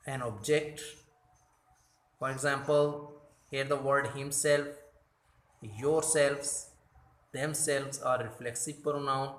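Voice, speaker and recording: A man teaching a grammar lesson from slides, speaking deliberately and correcting his own slips. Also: fairly high pitch, fairly bright tone, echoey room. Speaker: English teacher.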